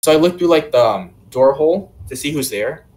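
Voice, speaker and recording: A man's voice: a little high, animated, fairly quick, darkish tone. Young man rambling through a story. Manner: rambling, many "like" and "um" fillers. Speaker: podcast co-host. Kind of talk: casual storytelling chat.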